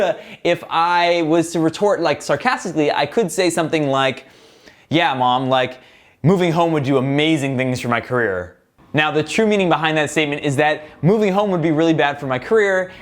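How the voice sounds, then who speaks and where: A young man hosting a self-help video, talking casually to the camera and explaining with relaxed fillers and self-deprecating asides. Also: fairly high pitch.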